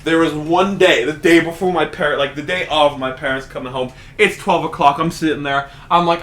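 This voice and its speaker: A man's voice: on the high side, moderate pace, sharp tone. A young man co-hosting a casual podcast, rambling and swearing as he tells stories, often laughing through them. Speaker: podcast co-host.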